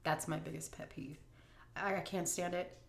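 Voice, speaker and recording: A woman's voice: low voice, fairly even intonation, gravelly. A middle-aged grandmother vlogger chatting candidly and emotionally as she answers viewer questions. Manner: candid, emotional, drawn-out emphasis. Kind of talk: casual Q&A chat. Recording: echoey room.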